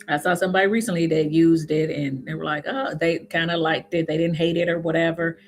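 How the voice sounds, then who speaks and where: Soft background music plays as a middle-aged Indiana woman, a natural hair YouTuber, talks casually with her livestream viewers. Her low voice keeps a normal speed with few pauses. She rambles in an Indiana accent, uses some Southern sayings, and often laughs at herself.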